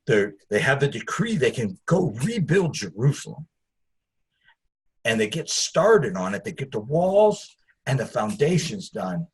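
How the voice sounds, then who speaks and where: A man's voice: medium pitch, sing-song, a little slow, husky. A man teaching a Bible study, conversational and digressive, with asides to his listeners.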